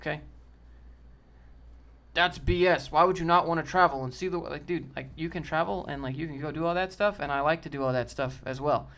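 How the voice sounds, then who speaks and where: A man's voice: on the high side, brisk, a bit bright. A man in casual live-stream chat, answering chat in a blunt, joking, brash way. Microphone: desk mic with a sock over it.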